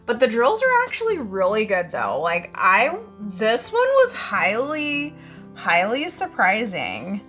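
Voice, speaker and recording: A woman's voice: a little high, wildly swooping pitch, slow, fairly bright tone, soft background music. A woman hosting a crafting channel, chatting casually and rambling with lots of fillers and frequent giggles. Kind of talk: casual show-and-tell chat.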